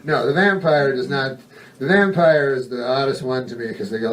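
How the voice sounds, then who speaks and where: A male stand-up comedian telling a rambling, deadpan bit full of swearing and digressions. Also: medium pitch, normal speed, far from the mic.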